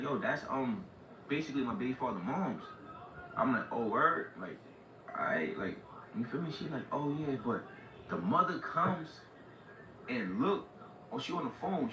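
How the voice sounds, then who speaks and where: A man on a livestream telling a long story in casual street slang, full of "like" and "right?". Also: medium pitch. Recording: far-off echoey lo-fi mic with noise.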